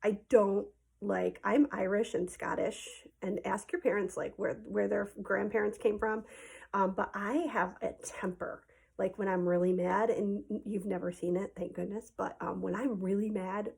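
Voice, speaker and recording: A woman's voice: mid-range voice, creaky, a little mellow. A woman, a teacher, telling her class a childhood story in a casual, chatty way, with many ums and likes, recorded at home.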